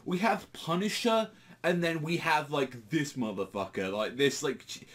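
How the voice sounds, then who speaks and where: A man's voice: a little high, a little slow, fairly bright tone. A man giving a casual, rambling manga chapter review, full of filler words and swearing.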